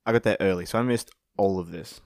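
Low-voiced guy, dry close sound. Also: fast talker, a little mellow, dry recording. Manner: giggly, teasing, sweary. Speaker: podcast co-host. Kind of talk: casual chat.

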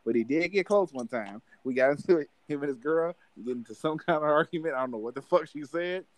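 A man co-hosting a podcast, telling stories in loud, profane casual chat with laughter. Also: a little high, animated, fast talker, no echo. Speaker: podcast co-host.

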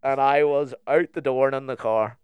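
A man's voice: medium pitch, fairly even intonation, normal speed, clean tone, no room sound, narrow, tinny audio. A young man with a Northern Irish accent, telling a story in casual chat on a podcast and acting out both sides of the conversation.

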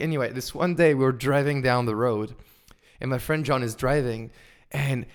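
A man's voice: medium pitch, brisk, clean tone. A man in his twenties with a French accent, chatting as an interview guest. He tells stories animatedly, with a mid-range voice, lots of fillers, and repeated false starts. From France. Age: 20s. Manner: animated storyteller, frequent fillers and restarts. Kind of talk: casual interview chat. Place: indoors over wine.

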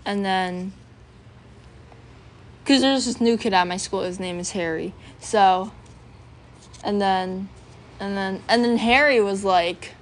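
Woman, casual vlog monologue, rambling, lots of fillers, sounds out syllables, middle pitch. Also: takes it slowly, pauses often. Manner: chatty, filler-heavy, sounds out phonetic examples. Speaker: student vlogger.

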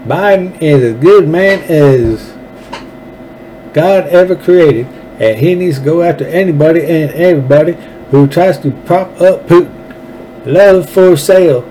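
A man's voice: on the high side, measured pace, mellow, a little hiss or hum, voice pushed up, lightly acted, low-quality recording. A man doing a mocking drawling senator impression.

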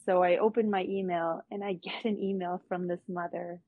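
A woman's voice: lowish voice, little pitch movement, moderate pace, no room sound. Candid woman telling a story on a call. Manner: candid, casual, with frequent fillers and swearing. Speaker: child protection worker. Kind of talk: personal storytelling on a group call. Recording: dull lo-fi call audio.

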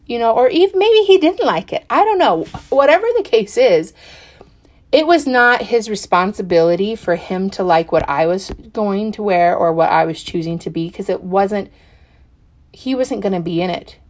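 A middle-aged woman telling a personal story in a chatty, animated way, full of fillers and acted-out quotes. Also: medium pitch, normal speed. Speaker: podcast guest.

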